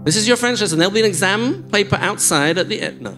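A man's voice: high-pitched, expressive, quick pace, music in the background. An older man preaching as a guest in a church, chatty and enthusiastic, joking with the congregation and teaching a song. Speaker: guest preacher and worship leader.

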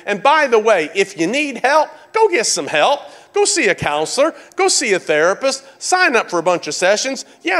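A man preaching a sermon, animated, calling out to his congregation and repeating phrases for emphasis. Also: high-pitched. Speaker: pastor.

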